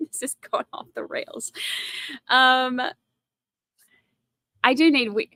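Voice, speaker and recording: A woman's voice: sits high, slow, fairly bright tone, dry recording, studio quality. A woman hosting a casual livestream, rambling and giggling at herself between topics. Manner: giggly, rambling, self-mocking. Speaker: livestream host.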